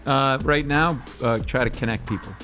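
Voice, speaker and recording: Man, comedian, mid-pitched, animated storyteller, excitable, acts out voices. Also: normal speed, soft background music. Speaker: stand-up comedian and podcast host, interview guest.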